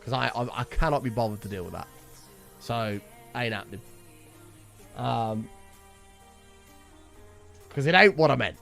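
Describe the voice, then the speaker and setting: A young man chats on his livestream in a loose, rambling way, swearing as he goes. His pitch swings up and down with lively energy while faint music plays underneath. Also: measured pace, gravelly, long pauses. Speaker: streamer. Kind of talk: casual livestream chat.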